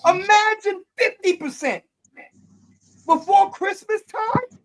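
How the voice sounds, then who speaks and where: With a very high voice and slow delivery, a Detroit podcast host holds forth in a casual streamed discussion, emphatic one moment and lapsing into fillers the next before pushing the point once more. The audio quality is low.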